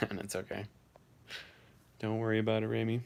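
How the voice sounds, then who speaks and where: A man's voice: on the low side, completely flat delivery, normal speed, vocal fry, a little mellow. A man hosting a casual live stream, reading viewers' messages aloud and answering them offhandedly.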